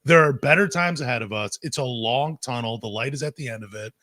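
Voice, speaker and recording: A man co-hosting a basketball podcast, talking in an excitable, animated way that swings between loud bursts and quieter asides. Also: mid-range voice, fairly quick, no room sound, clean studio sound. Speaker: podcast co-host. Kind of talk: casual sports podcast chat.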